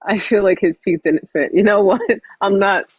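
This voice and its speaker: A woman's voice: medium pitch, fairly even intonation, moderate pace, husky, dry recording, highs cut off. A woman chatting casually on a livestream, blunt and full of swearing.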